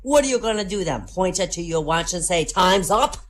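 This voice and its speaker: A woman's voice: lowish voice, lively intonation, close to an everyday voice. A woman putting on an old Italian mafia don. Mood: stern. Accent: Italian-accented broken English (put on). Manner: halting, stern, lecturing with pauses.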